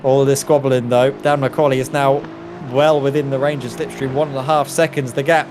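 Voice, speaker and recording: A man giving steady, analytical live sim racing commentary with a dry sense of humour. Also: mid-range voice, fairly quick, background noise.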